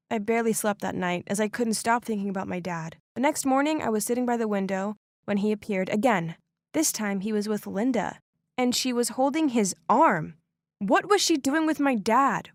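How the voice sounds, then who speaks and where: High dry storytime narrator woman. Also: no echo. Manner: dramatic, exclaiming storyteller. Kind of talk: first-person storytime narration.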